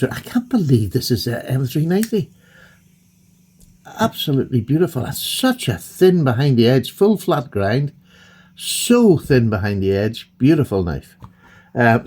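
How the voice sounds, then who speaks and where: A man chatting excitedly and gushing as he unboxes and admires his new knives. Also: mid-range voice, unhurried. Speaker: knife collector vlogger. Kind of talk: casual unboxing chat.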